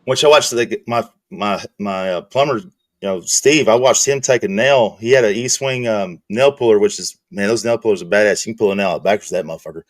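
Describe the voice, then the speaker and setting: A man's voice: fairly low pitch, a little fast, no room sound. A middle-aged man telling rambling, profane work stories in casual chat as a stream host. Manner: rambling, profane, laid-back.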